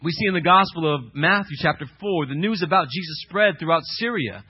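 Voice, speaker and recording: A man preaching a sermon as pastor, swinging between loud, emphatic questions and hushed scripture reading. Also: fairly high pitch, expressive, fairly quick, husky, dull audio.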